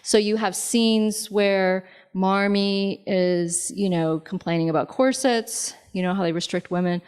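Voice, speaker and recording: Woman, author, public lecture, conversational, frequent fillers, lively asides, mid pitch. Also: measured pace, clean tone. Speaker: author giving a library talk. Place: library lobby.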